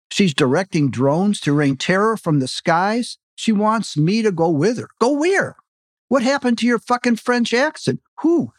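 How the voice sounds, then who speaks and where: A man reads his own novel aloud in a fairly high voice, close to the mic and dry. His delivery is animated and leaps up in pitch on the exclamations. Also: no room sound. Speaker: author reading his novel. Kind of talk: audiobook reading.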